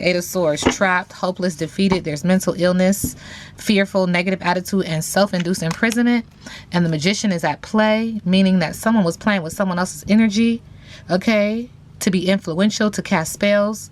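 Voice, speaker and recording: A woman's voice: medium pitch, a little hiss or hum. A woman giving a casual tarot reading, talking in a sassy, slang-heavy way with playful teasing asides to viewers. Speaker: tarot reader.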